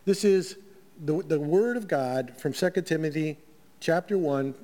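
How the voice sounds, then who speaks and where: A man's voice: on the high side, unhurried, warm tone. A middle-aged male pastor giving a weekly sermon in a conversational way, with fillers and restarts. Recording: long hall reverb.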